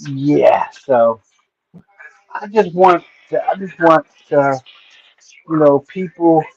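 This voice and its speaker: A man hosting a casual livestream chat who talks haltingly, with many fillers and restarts. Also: a little high, expressive, creaky, muffled recording, a little hiss or hum. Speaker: streamer host.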